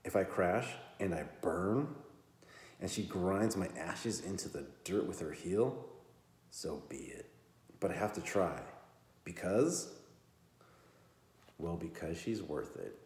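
A man's voice: low-pitched, lively intonation, takes it slowly, pauses often, a little mellow. A man hosting a podcast, reading a novel aloud and cutting in with profane jokes. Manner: profane, joking interruptions. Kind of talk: book reading with crude asides. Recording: roomy echo.

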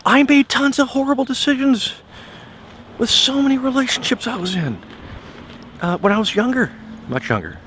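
A man's voice: very high voice, expressive, normal speed, long pauses, pushed and bright, slight background noise. A man casually telling a story in a motivational vlog while out on a walk, often repeating words as he goes. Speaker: vlogger. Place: outdoors on a walk.

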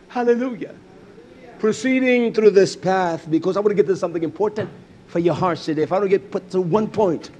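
Male preacher, fiery sermon, high and very lively delivery, loud then muttered. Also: slight background noise. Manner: fiery, swings between loud outbursts and low muttering; repeats phrases for emphasis, says hallelujah.

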